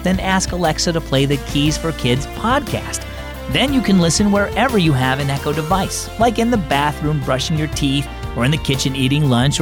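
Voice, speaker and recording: A man hosting and narrating a children's devotional story, upbeat and expressive, speaking to kids. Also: a little high. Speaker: host and narrator.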